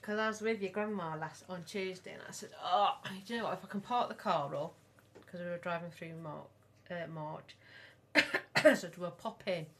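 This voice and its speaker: A middle-aged woman, co-hosting a casual podcast and telling long, animated stories. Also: fairly low pitch, moderate pace. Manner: rambling, animated storyteller. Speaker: podcast co-host, mother of the other host. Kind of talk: casual chat.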